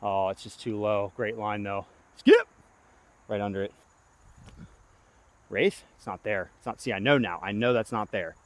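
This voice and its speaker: A young man filming himself outdoors, giving excitable play-by-play of his own throws as he talks to himself, pleading and groaning. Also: fairly low pitch, normal speed. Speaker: disc golf vlogger. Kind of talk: self-filmed play-by-play commentary. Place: outdoor disc golf course.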